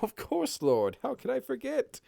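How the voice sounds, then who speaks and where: A man voicing a timid, devoted old male servant in a high, quavering, deferential voice. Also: wildly swooping pitch, unhurried, vocal fry, warm tone, no echo, clean studio sound, heavily acted. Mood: startled. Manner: deferential, reverent.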